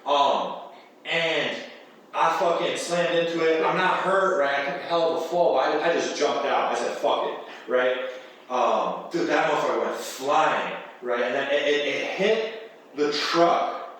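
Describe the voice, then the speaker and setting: A man tells a chaotic story with constant swearing and bursts of laughter. His voice sits a bit high for a man. He sounds set back from the mic in a very echoey room. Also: unhurried. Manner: animated, profane, laughing storyteller. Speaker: podcast guest. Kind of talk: casual storytelling chat. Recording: echoey room, distant mic, faint noise.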